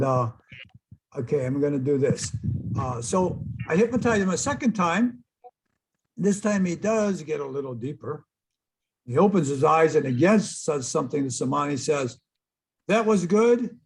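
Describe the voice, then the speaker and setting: Husky-voiced man telling a vivid story. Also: a little high, rough recording. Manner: animated storyteller who acts out quoted voices. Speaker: hypnotist giving an online talk. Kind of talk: storytelling presentation to a live online audience.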